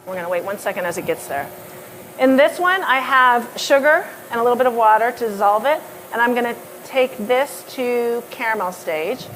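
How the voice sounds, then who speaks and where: A pastry chef lecturer gives a live cooking demo in a hall, chatting through each step with plenty of fillers. Her voice is on the high side and a bit bright, with slight background noise.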